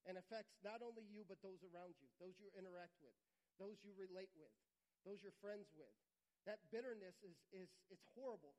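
A man preaching a sermon, earnest and repetitive, sometimes dropping to a quiet, intimate tone. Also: high-pitched, low-quality recording. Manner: earnest, repeats phrases for emphasis, drops to quiet intimate tones. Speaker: pastor.

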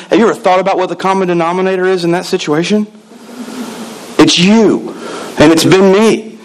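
A man's voice: sits high, steady tone, a little fast, pauses often, slight background noise, poor audio. A middle-aged man preaching a sermon, telling a personal story with emphatic repetitions. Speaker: pastor.

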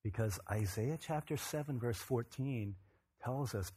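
A man preaching a sermon, moving between quiet reflection and loud, emphatic bursts. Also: mid-range voice, unhurried, a little hiss or hum. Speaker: pastor.

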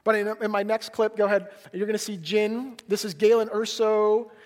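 A man preaching a sermon in a conversational way, asking the audience questions and swinging between loud emphasis and hushed quiet lines. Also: high voice, level tone, normal speed. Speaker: pastor.

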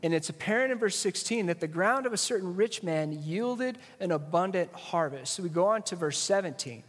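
A man's voice: high-pitched, animated, brisk, in a large hall. A man preaching a sermon, emphatic and asking the audience rhetorical questions.

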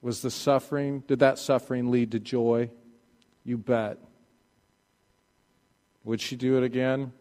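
A man preaching a sermon, swinging from loud pleading passages to hushed, quiet ones. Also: mid-range voice, little pitch movement, measured pace, pauses often, in a large hall. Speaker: pastor.

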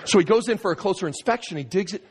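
A man's voice: sits high, racing, noisy background. A male pastor preaching a sermon, telling a story with humor, restarting phrases as he goes. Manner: animated storyteller, humorous, with frequent stammered restarts.

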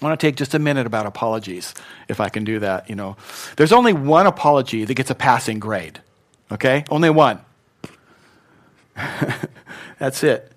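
A man preaching a sermon, emphatic, swinging between loud punchy lines and quiet ones and getting his audience to repeat words back. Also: mid-range voice, lively intonation, normal speed, pauses often. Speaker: pastor.

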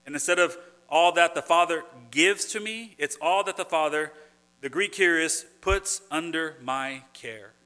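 A man's voice: a little high, measured pace, bright, forceful tone. A man preaching a sermon, earnest and conversational, who often restarts phrases and builds to emphatic points. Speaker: pastor.

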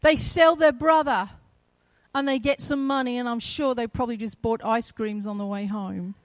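Woman preacher, high voice, dry close sound, dramatic storytelling. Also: steady tone, normal speed, no echo, rough recording. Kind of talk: sermon.

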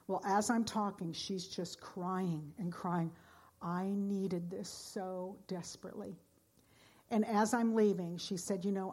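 A woman pastor preaching a sermon, earnest, moving between loud exhortation and hushed storytelling. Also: mid-range voice, breathy edge.

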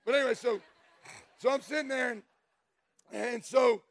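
A middle-aged man giving a folksy, animated testimony sermon, telling stories and breaking into shouts. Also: very high-pitched, moderate pace. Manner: folksy, storytelling, bursts into shouts.

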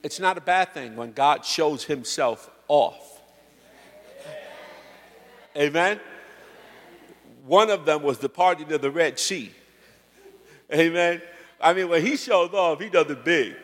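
Male pastor, lively sermon, slangy, high voice, echoing church hall. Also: slow, long pauses. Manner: animated, slangy, asks the crowd for amens.

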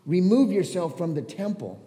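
A man's voice: high voice, big pitch swings, moderate pace, dark tone, long reverb tail. A man voicing indignant male religious leaders, accusing and scolding.

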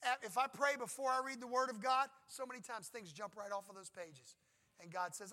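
A man's voice: very high voice, moderate pace, pushed and bright. A middle-aged male pastor preaching a sermon in a conversational, emphatic way, acting out short prayers and God's replies.

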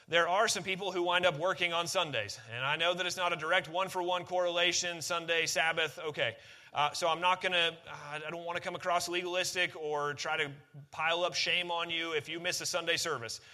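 A man's voice: high-pitched, sharp tone. A man preaching a sermon, conversational and emphatic, often repeating key phrases. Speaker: pastor.

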